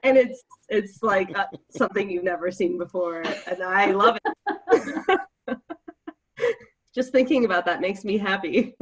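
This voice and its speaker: A woman's voice: mid-range voice, lively intonation, a little slow, pauses often, breathy edge, rough recording. A woman in a casual group chat on a video call, telling a story with amusement and laughing often. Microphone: video call microphone.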